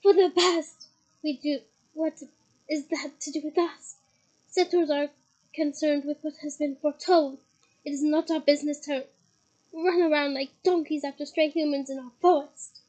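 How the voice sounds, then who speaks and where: A woman voicing an angry, proud male centaur in a storybook reading, loud and scolding. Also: sits high, fairly even intonation, moderate pace, natural voice.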